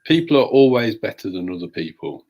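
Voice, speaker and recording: A man co-hosting a live talk show, giving measured, opinionated views. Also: on the low side, big pitch swings, darkish tone. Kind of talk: casual talk show discussion.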